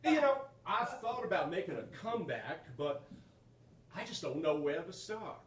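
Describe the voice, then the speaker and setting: A man playing an aging rock-and-roll king hiding in the mountains, in a live stage sketch, with a slow drawl that bursts into whoops. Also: high-pitched, expressive, a bit bright. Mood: wistful. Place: small community theater stage. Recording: echoey stage voice from far off.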